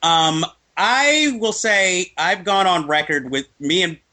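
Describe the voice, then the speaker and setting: A man's voice: high-pitched, lively intonation, slow pace, bright, forceful tone. A man chatting casually about films, opinionated and laughing often. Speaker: guest film reviewer. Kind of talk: casual film chat.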